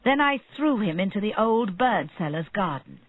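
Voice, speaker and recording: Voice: medium pitch, very animated, moderate pace, dry recording. A narrator voicing a panicked male doctor, fretful and half-whispering, in a narrow phone-like recording. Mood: confessing.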